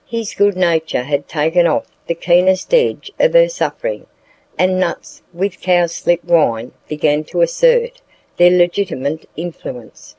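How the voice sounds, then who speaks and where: A reader narrating a classic novel as an audiobook in a measured way. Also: mid-range voice, dark tone, no room sound, low-quality recording. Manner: slow, measured reading.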